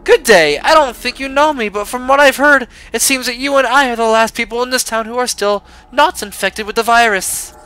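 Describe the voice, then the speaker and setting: A man's voice: extremely high pitch, pushed and bright, clear, resonant tone, voice pushed up, poor audio. A man voicing a polite young woman pastry shop owner in a shaky attempted British accent, stumbling a little. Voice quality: halting, stumbling reading.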